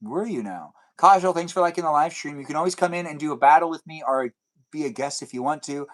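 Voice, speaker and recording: A livestreamer with a fairly high-pitched voice talks fast and casually with his viewers, rambling from one thought to the next. He playfully acts out silly imagined dialogues, and the recording is rough.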